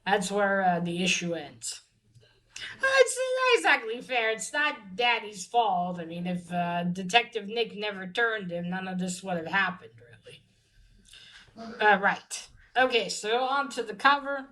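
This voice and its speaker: Woman, comic reviewer, casual and profane, rambling with fillers, mid-pitched voice. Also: animated, measured pace, sharp tone, poor audio.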